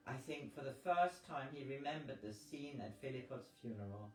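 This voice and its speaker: A man reading a novel aloud in a slow, measured way, with occasional slips. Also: mid-range voice, animated, darkish tone. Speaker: audiobook reader. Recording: roomy, distant mic with faint noise.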